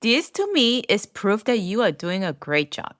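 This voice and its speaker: A woman in her thirties co-hosting a parenting podcast in relaxed, casual chat, laughing easily. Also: medium pitch, moderate pace, dry recording, studio quality. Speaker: podcast co-host.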